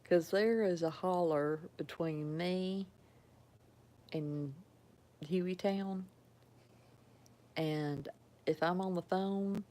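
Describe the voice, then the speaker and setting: A woman's voice: lowish voice, fairly even intonation, mellow, poor audio. A woman from Georgia with a Southern drawl, chatting casually and folksily with viewers on a livestream from home at night. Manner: slow, folksy, laughs often. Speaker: livestream host.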